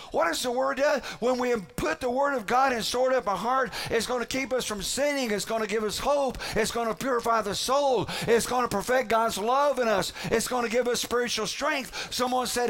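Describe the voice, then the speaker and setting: A man delivering a sermon as a pastor, preaching emphatically with dramatic pauses and repetition. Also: very high-pitched, a bit bright.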